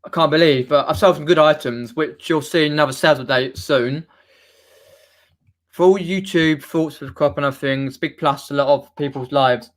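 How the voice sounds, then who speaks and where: A man's voice: fairly high pitch, normal speed. A young man from near London with a Mockney accent, chatting casually on a live stream, reading viewer comments and rambling with many restarts. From southern England, near London. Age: young adult.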